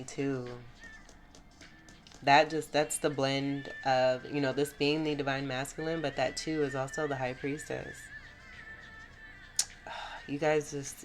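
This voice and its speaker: A woman's voice: extremely low pitch, flat delivery, normal speed. A woman giving a spiritual tarot reading to her viewers, effusive, exclamatory and encouraging. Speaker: tarot reader. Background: music.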